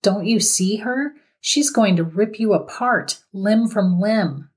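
A woman's voice: mid-range voice, takes it slowly, husky. A woman voicing a scared, pleading young man. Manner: urgent, pleading.

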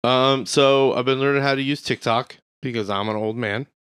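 A man's voice: mid-range voice, steady tone, normal speed, fairly bright tone, smooth, no echo, clean studio sound. A man co-hosting a podcast, chatting casually and telling rambling, wry stories. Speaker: podcast co-host. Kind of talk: casual chat.

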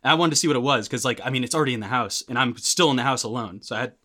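A young man, a podcast guest, telling a story in casual chat, animated and full of likes and restarts. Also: mid-range voice, rapid-fire.

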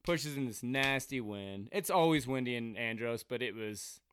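Smooth-voiced teasing man. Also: mid-range voice, moderate pace, a bit bright, dry recording, studio quality. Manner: teasing, laughs often. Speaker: podcast co-host. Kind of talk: casual storytelling chat.

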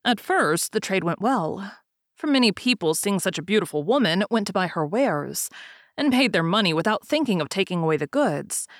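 A woman narrating a fairy tale aloud in a calm, even storytelling manner. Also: medium pitch, normal speed, dry recording, clean studio sound.

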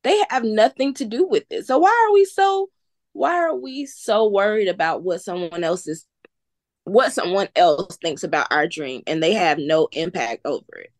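A woman's voice: medium pitch, animated, moderate pace, a little mellow, no echo. A woman from the American South, a business founder, telling her story in an earnest, faith-filled, encouraging way during an interview. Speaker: entrepreneur guest. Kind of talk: casual interview chat.

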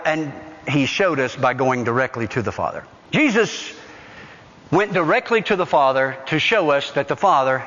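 A male pastor preaching a sermon emphatically, rising loud and dropping soft. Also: a little high, big-room sound, muffled recording. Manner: emphatic, dynamic preaching with sudden loud rises and soft drops.

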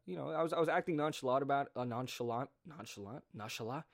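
A man's voice: fairly high pitch, quick pace. A young man telling a story in a casual monologue, ranting with sarcastic, profane asides. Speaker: podcast host.

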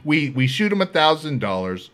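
A man hosting a podcast, telling comedic stories in a loud, profane, laughing way. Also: a little high, very animated, normal speed. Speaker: podcast host. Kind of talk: comedic storytelling.

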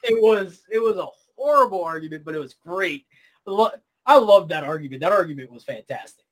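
Male co-host, high and very animated, casual reviewer who laughs and agrees a lot. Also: brisk. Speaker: movie reviewer. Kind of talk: casual podcast chat.

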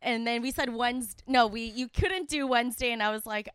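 A woman's voice: a little high, fairly quick, a bit bright, clean tone, no echo. A woman from Michigan co-hosting a podcast, chatting casually, giggly and teasing. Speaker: podcast co-host. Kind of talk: casual chat.

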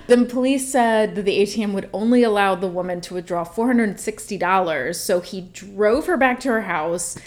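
A woman co-hosts a relaxed podcast and retells a story in a lively, animated way. She laughs easily between sentences, and her voice sits at an ordinary middle pitch. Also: moderate pace, hardly any pauses. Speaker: podcast co-host. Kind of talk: casual chat, retelling a news story.

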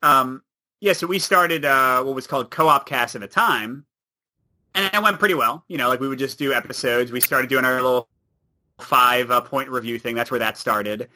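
Bright-voiced chatty man. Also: mid-range voice, normal speed. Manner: chatty and animated, laughs often. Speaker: podcast guest. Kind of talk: casual chat.

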